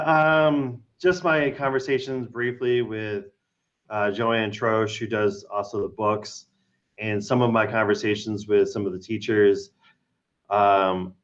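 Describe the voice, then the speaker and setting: A man speaking cautiously in a school council meeting over a video call. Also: lowish voice. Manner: cautious, halting. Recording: dull lo-fi call audio.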